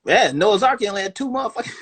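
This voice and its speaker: A man talking casually on a phone livestream, animated and profane, acting out other people's voices as he goes. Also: high-pitched, brisk, slightly rough. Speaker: livestream host.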